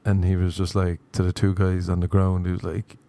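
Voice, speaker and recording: A young Irish man telling a rambling, crude anecdote in a deadpan storytelling monologue. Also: low voice, a little fast, no room sound. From Ireland.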